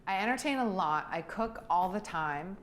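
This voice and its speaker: A middle-aged woman giving a relaxed, gushing tour of her house, talking about its design and furnishings. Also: mid-range voice, normal speed, slight background noise. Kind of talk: video house tour narration.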